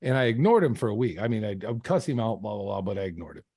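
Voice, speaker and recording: A man's voice: lowish voice, expressive, quick pace, creaky, a little mellow, husky, no room sound, clean studio sound. A man, a podcast guest, telling his own story in an earnest, reflective way, often restarting his sentences. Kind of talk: casual storytelling.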